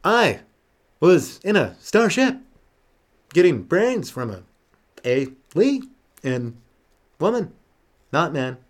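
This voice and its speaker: A man doing a slow, stammering old actor. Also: a little high, big pitch swings, full character voice. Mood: halting. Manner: slow, broken, drawn-out phrasing with stalls. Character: halting, stammering impression of a famous actor, older man.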